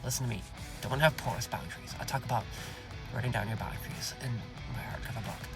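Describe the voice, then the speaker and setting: A man hosting a self-help podcast, speaking in a slow, commanding way that often drops to a whisper and is peppered with "okay?" and "you guys". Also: medium pitch, over music. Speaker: podcast host.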